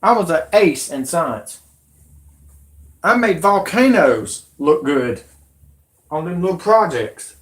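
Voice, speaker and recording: A man in his thirties hosting a live stream, rambling and growing agitated, with shouty outbursts. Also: fairly high pitch, sing-song, takes it slowly, pauses often.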